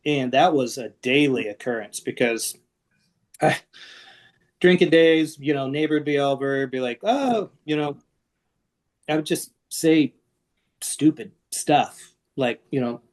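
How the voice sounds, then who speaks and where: A man's voice: mid-range voice, a little slow, long pauses. A middle-aged man, a guest on an interview podcast, talking candidly and with self-deprecating humor about his past. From Seattle area. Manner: frank and self-deprecating, with lively asides.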